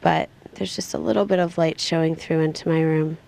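Gravelly-voiced young woman in a hospital. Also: low voice, fairly even intonation, fairly quick, darkish tone. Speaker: patient keeping an audio diary. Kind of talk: reflective personal audio diary. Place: hospital room.

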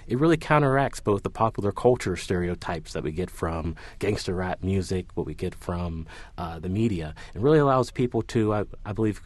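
Male academic guest with a very deep voice and a dry close mic. He is measured and analytical. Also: dry recording. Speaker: professor, panel guest. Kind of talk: academic commentary.

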